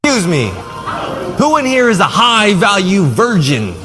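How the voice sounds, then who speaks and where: A comedian playing a brash, boastful self-proclaimed alpha millionaire in a store sketch clip. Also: male voice, sits high, sing-song, a little slow. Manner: boastful, loud, repetitive. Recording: clip with music and crowd, long reverb.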